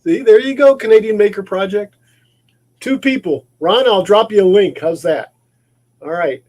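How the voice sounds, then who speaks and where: A man talks casually to his livestream while working in his maker shop, rambling and restarting or repeating words often. His high voice is a little mellow, delivered at a moderate pace.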